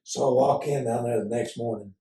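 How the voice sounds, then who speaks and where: An older man from Oklahoma, telling folksy stories as an interview guest and pausing often on "uh". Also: mid-range voice, warm tone. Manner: folksy, unhurried storyteller with frequent "uh" pauses. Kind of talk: casual storytelling interview. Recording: roomy sound from a distance.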